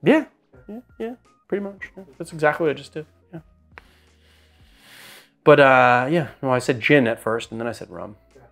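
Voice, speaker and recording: A man's voice: medium pitch, animated, normal speed, vocal fry, pauses often, a bit bright, soft background music. A man hosting a casual cocktail how-to from his home bar studio, chatty and self-deprecating with rambling asides. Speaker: bartender host.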